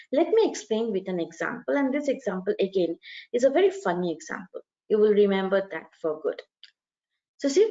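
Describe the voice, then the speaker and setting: A woman's voice: mid-range voice, a little mellow, lo-fi sound. A woman teaching an exam speaking lesson, explaining step by step with examples and stressing key words. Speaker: IELTS speaking coach. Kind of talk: video lesson.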